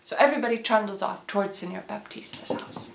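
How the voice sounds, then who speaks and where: A woman's voice: mid-range voice, fast talker, creaky, a little hiss or hum. A woman narrating a classic play with puppets in a playful, theatrical way. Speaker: storyteller. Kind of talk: animated storybook narration. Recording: echoey room.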